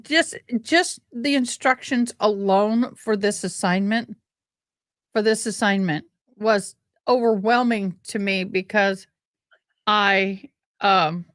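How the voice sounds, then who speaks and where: Slow, dry-voiced woman chatting. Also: medium pitch, fairly bright tone, dry recording. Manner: rambling, exclaiming, self-interrupting. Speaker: livestream host. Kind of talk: casual livestream chat.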